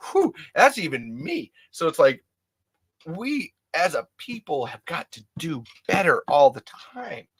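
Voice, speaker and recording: A man's voice: medium pitch, fairly bright tone. Rambling candid male podcast host. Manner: rambling, candid, restarts a lot. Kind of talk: casual solo monologue.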